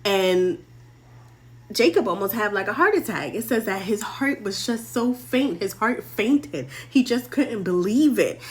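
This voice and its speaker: A woman's voice: medium pitch, lively intonation, unhurried. A young woman hosting a show, casually retelling a Bible story in playful, slangy language with lessons at the end. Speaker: host.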